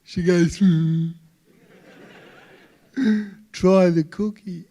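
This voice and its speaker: Slow-talking Australian stand-up comic, high voice. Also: male voice, steady tone, clear, resonant tone. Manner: slow, halting delivery with repeated words. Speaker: stand-up comedian. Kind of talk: stand-up comedy. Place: live stage before an audience.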